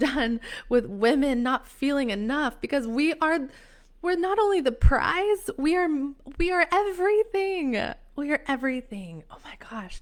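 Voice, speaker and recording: Gushing woman coaching on a live stream. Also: medium pitch. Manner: gushing and emphatic, with many restarts. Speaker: empowerment coach hosting a live session. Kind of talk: casual motivational live stream.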